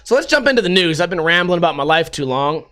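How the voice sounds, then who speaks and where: A man's voice: on the high side, very animated, fast talker, sharp tone. A man hosting a podcast, rambling through a casual, sarcastic and profane monologue. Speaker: podcast host.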